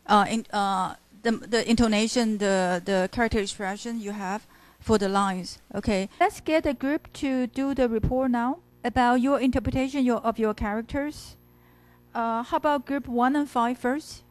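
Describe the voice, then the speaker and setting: A female literature teacher, giving a classroom lecture in a halting style full of fillers and self-corrections. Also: on the high side. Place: university classroom.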